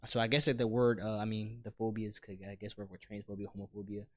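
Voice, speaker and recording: Guy on a podcast talking fast, rambling, working it out as he goes. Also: lowish voice, flat delivery. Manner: rambling, thinks aloud, swears casually. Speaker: podcast co-host. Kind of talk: casual podcast chat.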